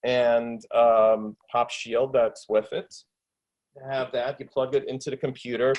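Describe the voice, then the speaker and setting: A man chatting from home into a desktop mic, eager and rambling, mid-pitched. He piles up fillers and restarts as he gushes. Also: flat delivery, a little slow, darkish tone, slight background noise, low-quality recording. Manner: enthusiastic, rambling, lots of fillers. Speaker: actor and filmmaker. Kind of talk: casual video interview. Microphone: desktop USB microphone with pop shield.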